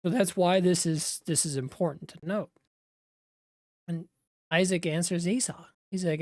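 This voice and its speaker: A woman teaches by retelling a scripture story in a relaxed, conversational way, turning aside now and then to speak to her viewers. Her voice sits low, and the recording is dry and close. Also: measured pace, long pauses, no echo. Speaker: Bible teacher.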